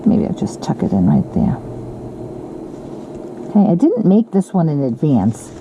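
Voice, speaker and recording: A woman's voice: sits low, sing-song, a little slow, gravelly, mellow. A woman casually demonstrating card making, chatty, with frequent ums and self-corrections. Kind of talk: casual craft tutorial. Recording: lo-fi with audible background noise.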